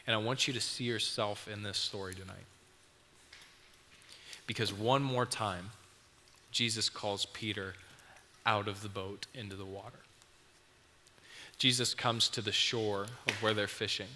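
A man preaches a sermon, retelling a story to his listeners with vivid detail. His voice is low with a bright edge. It rings with a long hall reverb over a faint background hiss. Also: steady tone, measured pace, long pauses. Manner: vivid storytelling, speaking to the audience.

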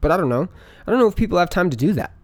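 A man's voice: sits high, big pitch swings, very fast, dry recording. A man talking in a casual monologue to listeners, rambling with lots of fillers and frequent swearing. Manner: rambling, profane, full of fillers.

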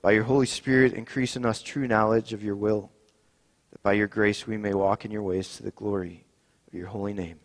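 A man leading a communion service as pastor, reading Scripture and praying in a measured, solemn way. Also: lowish voice, fairly even intonation. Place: church sanctuary. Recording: long reverb in a church.

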